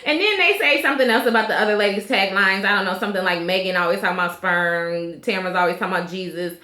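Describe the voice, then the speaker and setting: A woman's voice: medium pitch, fairly even intonation, quick pace, bright, forceful tone. A woman in her thirties recapping a reality show in a chatty, opinionated way, full of fillers. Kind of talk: casual recap vlog. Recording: echoey room.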